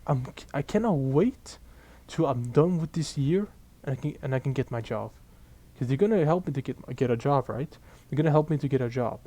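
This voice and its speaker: A young man, his tone dark and mellow. He rants casually to camera, swearing freely and sounding fed up and animated. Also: medium pitch, brisk. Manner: profane, exasperated, animated storytelling. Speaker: vlogger. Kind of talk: casual ranting monologue.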